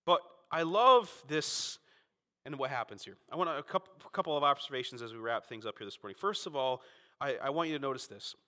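A man from Florida preaching a Sunday sermon as pastor, emphatic and fervent, swinging between loud peaks and quiet asides. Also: expressive, fairly quick, big-room sound. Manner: emphatic, rising to fervent peaks then dropping low.

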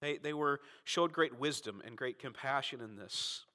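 A man from Florida preaching a Sunday sermon as pastor, emphatic and fervent, swinging between loud peaks and quiet asides. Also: normal speed, in a large hall. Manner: emphatic, rising to fervent peaks then dropping low.

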